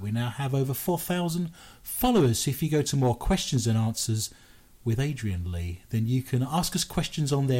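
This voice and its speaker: A man's voice: mid-range voice, darkish tone. A British man hosting a paranormal news radio show, joking and making fun of himself as he talks. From Britain. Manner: playful, jokey, self-mocking.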